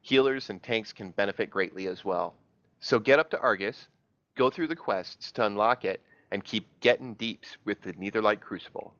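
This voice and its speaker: Brief: man with a fairly low voice reading a tips segment steadily; dry, muffled recording. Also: normal speed, no echo. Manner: steady, read-aloud delivery. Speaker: podcast segment presenter. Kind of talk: scripted gaming tips segment.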